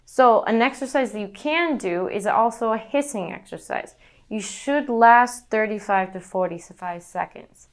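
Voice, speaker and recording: A young woman teaches singing with a smooth, resonant voice at a middling pitch. She explains each breathing exercise calmly and in order, then demonstrates it herself. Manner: instructive, demonstrates breathing and panted notes. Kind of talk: vocal lesson demonstration.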